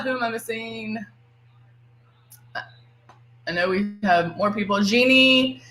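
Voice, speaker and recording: A woman hosts a live makeup demo from home. She is chatty and giggly and greets viewers by name. Her voice is bright and ringing, and the room gives it a noticeable echo. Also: a little high, moderate pace, few pauses. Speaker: livestream makeup presenter. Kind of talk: casual live demo chat.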